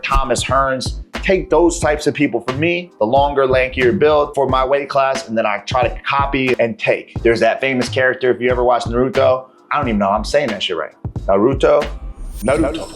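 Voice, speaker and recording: Dude coach vlogging, slangy and kinda profane, regular mid voice. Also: male voice, mid-range voice. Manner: slangy, profane, animated storytelling. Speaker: martial arts coach. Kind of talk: casual talking-head coaching vlog.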